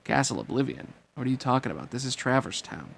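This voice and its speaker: A man doing a cool, aloof young swordsman who talks in cold, clipped lines, in an amateur storybook reading. The delivery is gravelly at a middling pitch, with a faint noise underneath. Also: very animated, quick pace, fairly bright tone. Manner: cold, curt.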